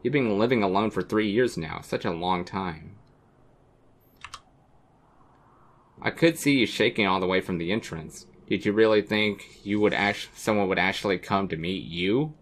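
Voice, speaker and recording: This man voices a scornful young woman on a blind date from a game script, delivering her icy, relentless insults. He speaks in a lowish register at ordinary speed, rarely pausing.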